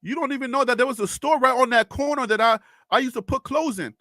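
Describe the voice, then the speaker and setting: A man's voice: very high voice, fast talker, sharp tone, no echo, clean studio sound. A man from Brooklyn hosting a live stream, arguing back at viewer comments in casual chat. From Brooklyn, New York. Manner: argumentative, rebutting viewers.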